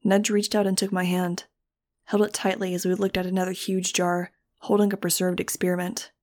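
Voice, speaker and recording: Woman reader for first-person fiction; low-pitched, level, measured and grave. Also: flat delivery, darkish tone. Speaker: audiobook reader. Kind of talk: first-person audiobook narration.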